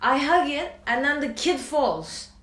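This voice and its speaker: A woman's voice: sits high, animated, measured pace, a bit bright, roomy sound. A young woman, a university student, telling a story animatedly among friends and laughing often. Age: young adult.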